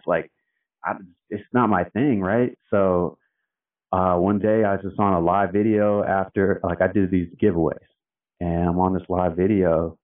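A man telling his story as an interview guest in a loose, chatty way, full of fillers, acting out what people said. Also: deep voice. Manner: loose and chatty, filler-heavy, acts out quotes. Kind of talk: casual storytelling. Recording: tinny phone-like sound, distant from the mic.

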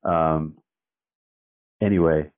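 A man's voice: a bass voice, steady tone, very slow. Laid-back man on a tinny distant line. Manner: laid-back and slangy, peppers talk with "man" and "dude". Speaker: interview guest, founder of a tradesman community brand. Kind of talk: casual storytelling. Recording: tinny phone-like line, away from the mic.

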